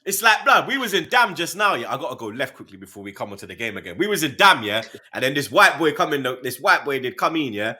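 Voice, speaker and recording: A high, bright man on a football podcast. His pitch swings widely and his talk is full of slang. Now and then he bursts into loud voices he puts on. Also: sing-song, fast, few pauses. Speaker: podcast co-host. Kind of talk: casual football chat.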